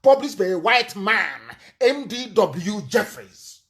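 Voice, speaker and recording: A man's voice: high voice, expressive, slow pace, fairly bright tone. Fiery man lecturing on air. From Nigeria. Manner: fiery, scornful, spells words out letter by letter. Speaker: political movement leader. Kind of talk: live broadcast lecture.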